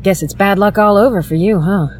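A woman's voice: mid-range voice, brisk, a little hiss or hum, natural voice. An actress playing a dry, sarcastic woman necromancer and bounty hunter. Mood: wry.

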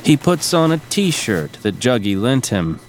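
A man reading scripted narration for an audio drama in a steady, even way. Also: mid-range voice, unhurried. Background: music.

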